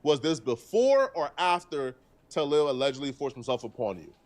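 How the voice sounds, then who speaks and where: A man's voice: a little high, sing-song, a little mellow. A man streaming live, talking through a news story earnestly and point by point. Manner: earnest, deliberate, argues point by point.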